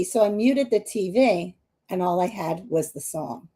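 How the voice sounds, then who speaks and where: A woman's voice: fairly low pitch, lively intonation, measured pace, dark tone, breathy edge. A woman, a psychic medium hosting a live stream, telling a long personal story with many restarts while tearful. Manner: rambling, many restarts and asides to viewers.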